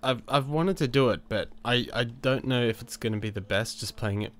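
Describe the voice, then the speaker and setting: A man's voice: medium pitch, a little fast, fairly bright tone. A man with a stuffed-up cold, casually commenting on his life-sim game with lots of fillers, restarts and chuckles. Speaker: gaming channel host. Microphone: new desk microphone.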